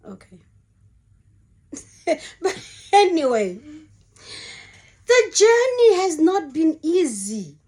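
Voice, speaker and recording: A middle-aged woman giving an emotional, earnest Christian testimony in a sermon-like way, often repeating her words. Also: very high voice.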